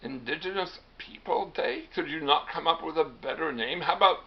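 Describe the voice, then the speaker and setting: A man's voice: fairly high pitch, quick pace, vocal fry, slight background noise, pitched above the performer's own voice. A man voicing the indignant male spirit of a legendary chief in a spoken comedy skit, firing off exasperated questions. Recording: dull lo-fi recording.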